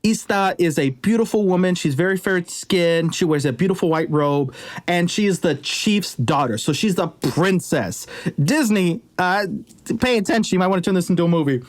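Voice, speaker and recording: A man's voice: high-pitched, animated, normal speed. A man retelling a legend in a casual, conversational way with jokey asides. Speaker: storyteller. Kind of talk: casual storytelling.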